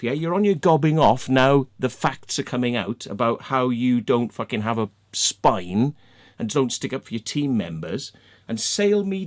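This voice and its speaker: A man's voice: on the high side, darkish tone. A man ranting angrily to camera, swearing heavily and mocking the people he quotes. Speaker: vlogger. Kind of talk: angry rant to camera.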